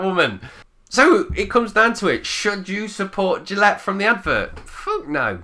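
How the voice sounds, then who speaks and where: A man's voice: high-pitched, very animated, moderate pace, bright, forceful tone. A man, the channel's host, ranting bluntly to camera with swearing and mocking impressions of other people. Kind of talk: opinionated rant to camera.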